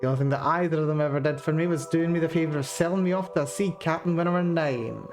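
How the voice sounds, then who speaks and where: Woman doing a gruff Scottish old pirate. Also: low-pitched, quick pace, over music, close to an everyday voice. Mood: gruff boastful. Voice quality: rough old-sailor dialect. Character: old male pirate captain, gruff and boastful. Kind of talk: reading a game journal aloud in character.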